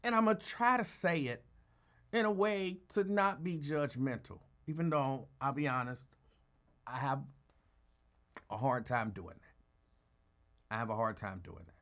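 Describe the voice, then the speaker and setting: A tired man hosting a casual live talk show, greeting listeners by name and talking in a calm, rambling way. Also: medium pitch, unhurried, long pauses. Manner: calm, holding back from yelling. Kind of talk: casual live-stream chat.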